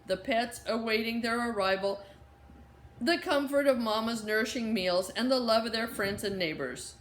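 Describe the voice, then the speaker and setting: Woman reading a storybook in a roomy space. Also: a little high. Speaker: audiobook narrator. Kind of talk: scripted storybook narration. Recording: roomy echo.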